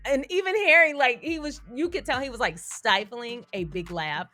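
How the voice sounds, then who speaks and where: A woman's voice: fairly high pitch, moderate pace, sharp tone, soft background music. A young adult woman hosting a casual commentary vlog, chatty, with slangy asides and frequent laughter. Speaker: YouTube commentary host.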